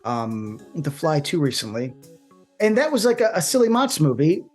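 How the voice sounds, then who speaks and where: A man's voice: fairly high pitch, moderate pace, faint music behind. A man co-hosting a show, complaining animatedly in casual debate and breaking into put-on voices. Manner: animated, complaining, acts out voices mid-sentence. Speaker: co-host debating a film.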